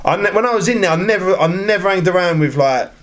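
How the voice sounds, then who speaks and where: A man chats loosely on a podcast, his voice sitting a little higher than most men's. He rambles through stories with many restarts and acts out the lines of the people in them. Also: animated, fast talker, fairly bright tone. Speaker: podcast guest. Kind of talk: casual chat.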